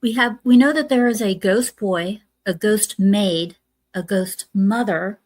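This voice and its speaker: A woman's voice: mid-range voice, a little slow, darkish tone, no room sound. A woman hosting a casual movie review podcast, retelling scenes step by step with lots of "uh"s. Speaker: podcast host.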